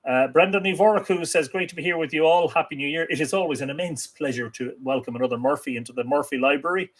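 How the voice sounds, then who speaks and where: A man's voice: fairly high pitch, quick pace. Chatty man hosting a livestream. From Ireland. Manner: reads viewer comments aloud, chatty and welcoming. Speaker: livestream host. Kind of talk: casual livestream greetings.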